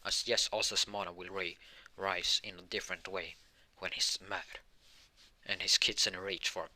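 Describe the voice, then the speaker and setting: A man improvising a fan-fiction story out loud, rambling and halting with many restarts and self-corrections. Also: sits low, flat delivery.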